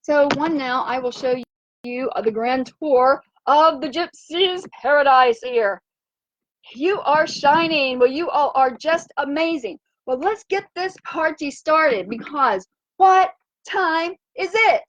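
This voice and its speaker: A woman hosting a motivational wellness livestream from her home, bubbly and animated, chanting and cheering. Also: sits high, takes it slowly. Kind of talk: upbeat motivational livestream chat. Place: home in Fiji by the sea. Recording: dull lo-fi sound.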